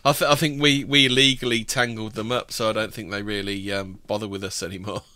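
A man's voice: lowish voice, little pitch movement, a little fast, sharp tone, dry recording. A man in a casual chat, speaking hesitantly with many ums.

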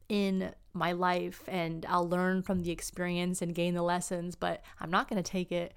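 A woman's voice: on the low side, steady tone, normal speed, few pauses, clean tone. A young woman hosting a podcast, chatting casually and telling a personal story with lots of filler words. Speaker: podcast host. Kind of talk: casual chat.

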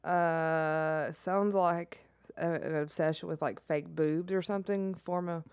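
A woman's voice: sits low, steady tone, slow, darkish tone, smooth, no room sound, clean studio sound. A woman co-hosting a casual podcast, blunt and giggly, swearing casually. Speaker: podcast co-host, stay-at-home mom.

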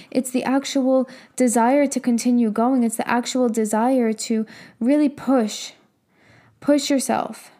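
Giving a motivational talk, this business and mindset coach is a young woman whose voice sits a bit high but sounds warm and mellow. She speaks in a relaxed yet forceful way, firing off one rhetorical question after another, with the odd curse thrown in.

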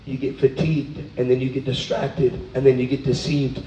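A man preaching a sermon, animated, swinging from low asides to high, exclaiming bursts. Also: moderate pace, reverberant, muffled recording, a little hiss or hum.

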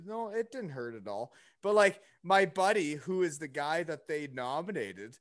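A man's voice: on the high side, big pitch swings, moderate pace, few pauses, no echo, clean studio sound. A young man telling a story in casual chat, rambling with lots of fillers and asides. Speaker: podcast guest.

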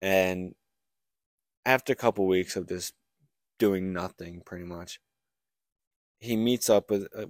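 A man's voice: sits low, dry recording, studio quality. A young man co-hosting a podcast, casually recapping a book plot with lots of likes and restarts. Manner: rambling storyteller, many likes and restarts. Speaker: podcast co-host.

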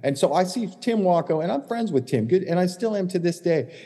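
A man's voice: high voice, lively intonation, a little fast, dark tone, big-room sound. A man co-hosting a podcast, telling a heated caddie story in blunt, profane casual chat. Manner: blunt, heated, swears constantly. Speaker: podcast co-host, former tour caddie.

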